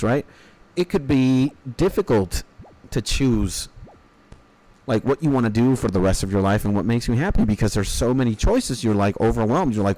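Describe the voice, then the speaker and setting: A man's voice: mid-range voice, animated, normal speed, mellow. A man in his thirties talks loosely while he streams a game. He rambles from one thought to the next and swears freely. He mixes mock-serious life advice with offhand jokes. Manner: rambling, profane, mock-philosophical. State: hungry after an early start. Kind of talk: casual chat while gaming.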